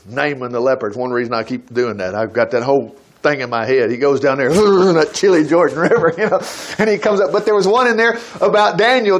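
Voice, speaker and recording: An older preacher teaches from the Bible conversationally, reading verses aloud and breaking into emphatic bursts. His pitch is medium.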